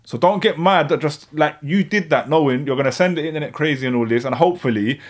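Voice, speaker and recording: A man, giving a thoughtful live reaction commentary and often checking in with the viewers. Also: fairly high pitch. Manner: thoughtful, measured, frequent "you know what I'm saying". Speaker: streamer reacting to clips.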